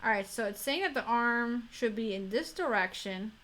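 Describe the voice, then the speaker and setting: A young woman with a Florida accent chats casually on a livestream while building a model kit, rambling and correcting herself along the way. Her voice is slightly high, animated, and a bit bright, at normal speed, with slight background noise.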